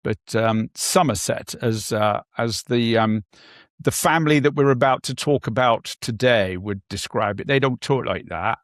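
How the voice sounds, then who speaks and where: A man's voice: medium pitch, a little slow, no echo, studio quality. A man with an English accent co-hosting a podcast over a video call, talking in a wry, joking way. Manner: wry, joking, plummy banter. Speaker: podcast co-host. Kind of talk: casual political chat.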